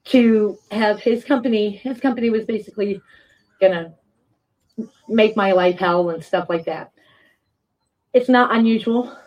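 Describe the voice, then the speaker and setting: A woman giving public testimony in an indignant, firm manner. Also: medium pitch. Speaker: resident speaking at a public meeting. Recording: dull, lo-fi sound.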